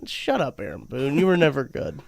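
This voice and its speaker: A man's voice: medium pitch, huge pitch swings, brisk, vocal fry, a little mellow, no echo, clean studio sound. A young man co-hosting a sports podcast, chatting casually in a snarky, dismissive way. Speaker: podcast co-host.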